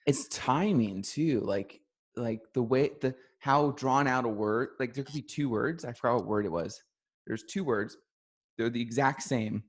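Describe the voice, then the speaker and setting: A man in casual podcast chat, telling anecdotes in an animated way and laughing often. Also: mid-range voice, a little slow. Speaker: podcast co-host.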